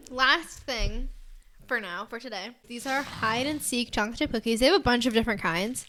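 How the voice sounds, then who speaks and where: Bright-voiced young woman chatting casually. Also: on the high side, a little fast, slight background noise. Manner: relaxed, explaining with many fillers. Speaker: podcast co-host. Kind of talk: casual chat.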